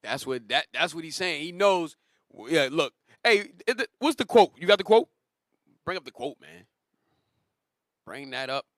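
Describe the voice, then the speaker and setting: A man's voice: fairly high pitch, animated, measured pace, long pauses, fairly bright tone, dry recording, clean studio sound. A man teaching a religious class who talks emphatically, repeats his points and directs the reader. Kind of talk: religious lesson.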